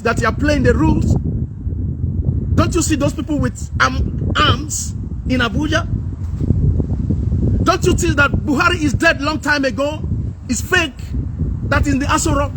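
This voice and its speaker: Nigerian man with a high voice, preachy political vlogger, hammers points with rhetorical questions, vehicle noise behind. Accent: Nigerian English with Pidgin. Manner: preachy, repeats phrases, asks rhetorical questions. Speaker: political commentator. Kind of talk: impassioned political vlog rant.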